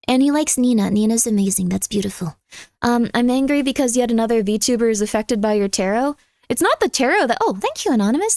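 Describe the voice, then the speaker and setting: A woman's voice: fairly high pitch, animated, brisk, darkish tone, dry recording, studio quality. A young adult woman streamer chatting casually with her viewers in a rambling, talkative way. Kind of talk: casual live-stream chat.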